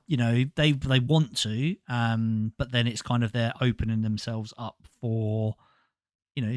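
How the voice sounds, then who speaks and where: A man's voice: mid-range voice, no room sound. Male podcast host with a mid-range voice. Dry, close recording. His delivery is earnest and loose, with frequent restarts. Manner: rambling, earnest, stumbles and restarts often. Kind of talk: casual conversation.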